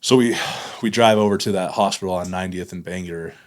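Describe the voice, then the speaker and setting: A man with a notably low, deep voice speaks as a podcast guest in candid conversation. He tells his story in a halting way, leaning on fillers and restarting his sentences as he goes.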